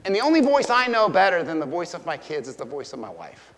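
A man's voice: on the high side, wildly swooping pitch, fast talker, a bit bright, in a large hall. A middle-aged man preaching a sermon as pastor. His delivery is conversational, with stories and direct questions to the listeners.

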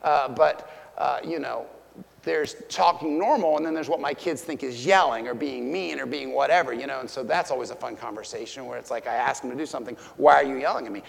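A man's voice: medium pitch, a little fast, gravelly, big-room sound. A middle-aged man preaching a sermon as pastor. His delivery is conversational, with stories and direct questions to the listeners.

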